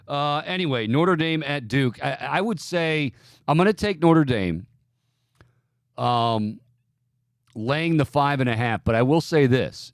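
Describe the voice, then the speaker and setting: Male sports-betting host, casual and teasing, medium-pitched, dry recording. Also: no echo. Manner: loose, joking, opinionated.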